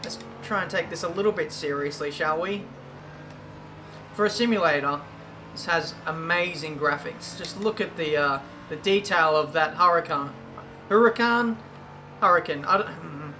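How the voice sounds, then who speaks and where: A young man giving casual, self-mocking commentary while playing a racing game. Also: a little high. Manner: chatty, self-mocking, quick exclamations. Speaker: gaming YouTuber. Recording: game audio and engine noise behind.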